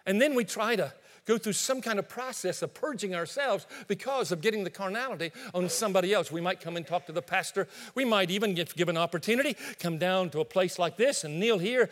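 A pastor delivers a sermon in a high-pitched voice, telling an animated story and acting out little asides as he goes. His voice rings with the long reverb of a church sanctuary. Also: fast, hardly any pauses.

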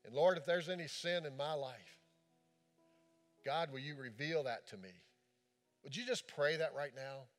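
A man preaching as a pastor, impassioned in the sermon and then hushed and gentle as he leads a prayer. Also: fairly high pitch, moderate pace, long pauses, soft background music. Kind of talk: sermon with altar call prayer.

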